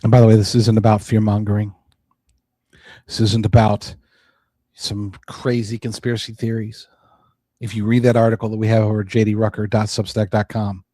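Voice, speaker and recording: A man's voice: on the low side, warm tone, no room sound. A man hosting a podcast, talking in a casual, rambling monologue with frequent restarts. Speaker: podcast host.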